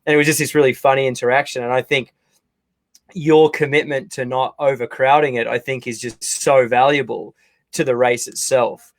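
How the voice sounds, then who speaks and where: Host, male, animated storyteller, dry studio sound. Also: mid-range voice, normal speed, no echo. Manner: animated anecdote-telling. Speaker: podcast host. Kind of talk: casual interview chat.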